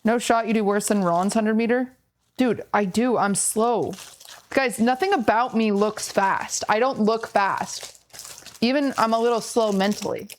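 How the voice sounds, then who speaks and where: Chatty streamer woman, slightly high voice. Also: unhurried, slight background noise. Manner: chatty, self-deprecating, talks to chat. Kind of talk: casual live-stream chat.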